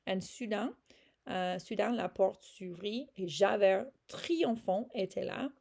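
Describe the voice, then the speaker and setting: Casual teacher, woman, gravelly and warm, chatty with lots of fillers. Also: mid-range voice, unhurried. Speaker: French teacher. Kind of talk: casual read-aloud lesson, reading and explaining a French novel.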